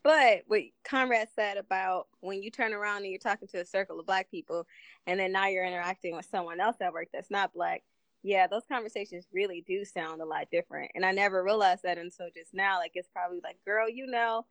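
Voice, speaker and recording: A young woman talking casually among friends, laughing often as she tells stories with lively energy. Her voice sits in a middle range and sounds close and dry, with no room around it. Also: mid-range voice, fairly quick, no room sound. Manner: laughs often, animated storytelling. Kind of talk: casual group conversation.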